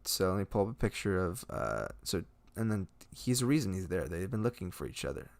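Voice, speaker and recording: A man's voice: deep voice, very animated, fairly quick, creaky. A young man hosting a podcast, casually retelling game scenes with lots of fillers and acted-out quotes. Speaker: podcast host. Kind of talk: casual chat.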